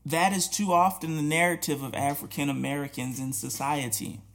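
A man's voice: on the high side, steady tone, normal speed, gravelly. A man hosting a podcast, talking earnestly and challenging listeners with repeated rhetorical questions, with restarts and short laughs. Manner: many restarts and hesitations, soft laughs. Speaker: podcast host. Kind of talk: reflective spoken commentary.

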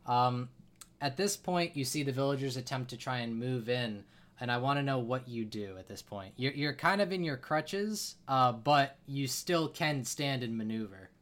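A man's voice: medium pitch, lively intonation, moderate pace, a bit bright. A man narrating a tabletop role-playing game as game master, with frequent uhs and restarts. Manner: many filler uhs, restarts.

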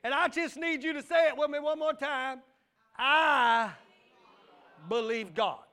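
A man's voice: very high voice, unhurried, pushed and bright. A male pastor, preaching a fiery sermon with call and response.

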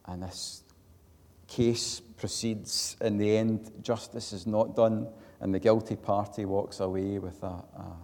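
A Scottish preacher delivers a sermon in a low, dark, gravelly voice. He swells to emphatic loud peaks and drops back quiet. The sound carries a long reverb from a hall. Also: fairly even intonation, slow pace. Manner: earnest storytelling, rising to loud emphatic peaks, then dropping quiet.

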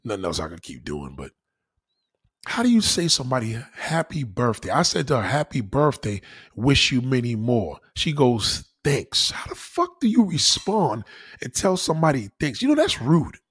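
A man on his own channel, giving casual advice in an animated, preachy way, swearing freely. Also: mid-range voice, moderate pace, husky. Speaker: YouTuber.

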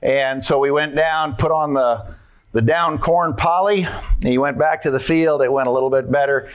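A man's voice: medium pitch, moderate pace. A man giving a folksy conference talk on farming, asking the audience questions and walking through his slides.

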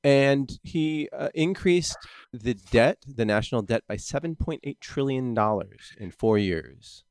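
Halting, dryly sarcastic man. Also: mid-range voice, expressive, no room sound. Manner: halting, hesitant, dry sarcasm. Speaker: podcast co-host. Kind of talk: casual banter.

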